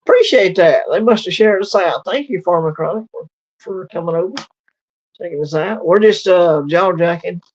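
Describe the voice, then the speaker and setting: A man's voice: high-pitched, moderate pace. A middle-aged man from Louisiana with a Southern accent, chatting casually on a livestream with many fillers and a drawl. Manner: rambling, drawling, heavy on fillers. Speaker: livestream co-host. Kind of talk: casual chat. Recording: lo-fi livestream audio.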